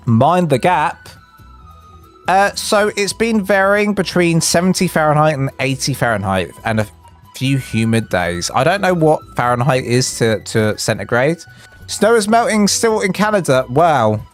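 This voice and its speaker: A man with an English accent chatting on a live game stream, rambling between building tips and chat stories, his voice jumping up when excited. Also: mid-range voice. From England.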